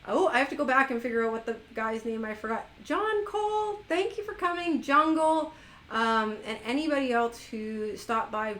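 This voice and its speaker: A woman hosts a live stream in a loose, chatty manner. She teases her viewers playfully, and her voice sits a little high. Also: fairly bright tone, poor audio. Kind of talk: casual live stream chat.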